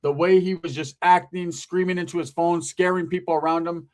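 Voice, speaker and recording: A man's voice: sits high, steady tone, brisk, a little mellow. A man hosting a casual commentary monologue, talking in a loose conversational way, often asking "right?" and correcting himself. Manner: conversational, frequent "right?" asides, profanity, self-corrections. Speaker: commentary channel host.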